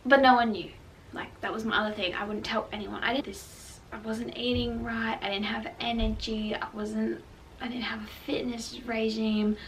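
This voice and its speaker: A woman's voice: medium pitch, fairly bright tone. A young woman, candidly and emotionally telling her own story as a vlogger, with lots of "like" fillers. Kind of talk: personal storytelling to camera. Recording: slightly distant mic with faint background noise.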